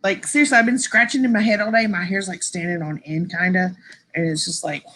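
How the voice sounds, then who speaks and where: Bright-voiced chatty woman streamer. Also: lowish voice, fairly even intonation, fairly quick. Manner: chatty, rambling, laughs often, says y'all. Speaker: live stream host. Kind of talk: casual live stream chat with viewers.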